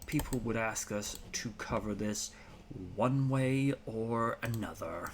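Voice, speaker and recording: A man's voice: fairly low pitch, slow pace, noisy background. A man hosting a casual talk show, chatting in an opinionated, rambling way with plenty of fillers. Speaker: podcast host. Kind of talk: casual chat.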